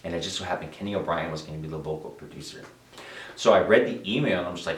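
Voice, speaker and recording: A young adult man answering interview questions with lively storytelling, acting out quotes and restarting often. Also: sits low, quick pace. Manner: animated storyteller, acts out quotes, frequent restarts. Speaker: musician interviewee. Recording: roomy, distant mic.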